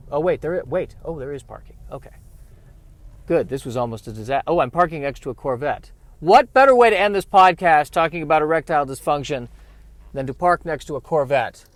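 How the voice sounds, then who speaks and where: A man hosting a solo comedy podcast from inside his car, delivering self-deprecating rants and comic asides while he drives. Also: medium pitch. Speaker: podcast host. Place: in a car, driving and parking.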